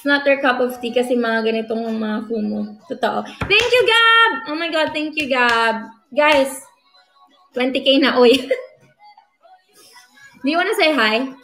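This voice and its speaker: A high-pitched woman with a Filipino accent, bubbly and chatty as she runs a livestream. She mixes English and Tagalog and keeps shouting out thanks to viewers. Her voice rings in a roomy space with faint music underneath. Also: unhurried, long pauses. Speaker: livestream host. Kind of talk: casual livestream chat.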